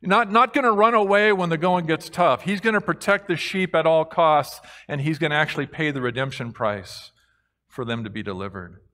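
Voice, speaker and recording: A man preaching a sermon as a pastor, moving between hushed reflection and excited proclamation. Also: a little high, moderate pace. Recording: long hall reverb.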